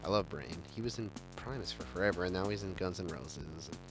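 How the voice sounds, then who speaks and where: A man's voice: low-pitched, a little fast, over music. A man hosting a casual chat, rambling enthusiastically with many stumbling restarts. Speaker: show host.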